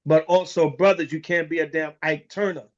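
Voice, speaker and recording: A man with a notably high voice delivers a preaching lesson as an elder. He talks bluntly, drops curses and street slang, and the recording sounds dull and muffled. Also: fairly even intonation, fairly quick. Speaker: elder teaching a congregation.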